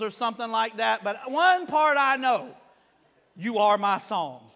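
Male pastor, very high voice, casual preaching that builds to emphatic shouts, long church reverb. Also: expressive, fairly quick. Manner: conversational preaching that swells to loud emphatic peaks. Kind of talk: sermon. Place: church sanctuary.

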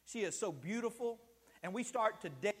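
A man's voice: sits high, expressive, moderate pace, fairly bright tone, husky, long reverb tail. A man preaching a sermon as pastor, telling stories and acting out the people in them. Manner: storytelling preacher, acts out scenes with rising emotion. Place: church sanctuary.

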